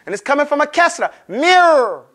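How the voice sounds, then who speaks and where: A man teaching a Quran recitation class, casually explaining sounds and drilling them by stretching and repeating each one slowly. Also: very high-pitched, animated, fairly bright tone. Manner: casual, conversational teaching with frequent check-ins. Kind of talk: classroom lesson.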